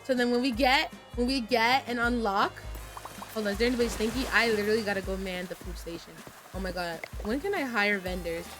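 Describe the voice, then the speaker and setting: A woman's voice: on the high side, fairly quick, a bit bright. A woman streaming a game, chatting casually in a chaotic, playful way with lots of stammered restarts. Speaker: VTuber streamer. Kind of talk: casual gameplay commentary. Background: game music.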